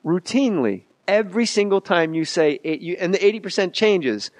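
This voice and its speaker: A middle-aged man hosting a comedy podcast, telling rambling, profane backstage stories with quick asides. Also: high voice, expressive, no room sound. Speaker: podcast host. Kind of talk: casual comedy podcast chat.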